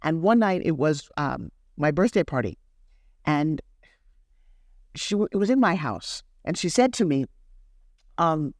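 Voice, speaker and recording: A woman's voice: sits low, measured pace, pauses often, no room sound. Storytelling woman, dry close sound. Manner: acts out quoted dialogue in lively voices. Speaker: guest entrepreneur. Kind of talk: animated storytelling interview.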